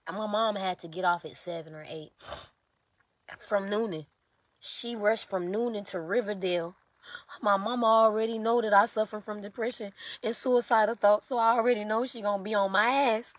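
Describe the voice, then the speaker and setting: Woman, vlogger, exhausted, husky, close dry sound, raw profane confession. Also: on the high side, a bit bright, no echo. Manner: raw, profane, pleading outpourings. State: exhausted, sleepless. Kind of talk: emotional confessional vlog.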